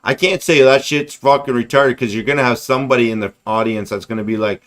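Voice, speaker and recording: A man's voice: mid-range voice, quick pace, hardly any pauses, a bit bright. Profane, sarcastic man ranting on a livestream. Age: 40s. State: losing his voice. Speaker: livestream host. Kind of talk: casual ranting commentary.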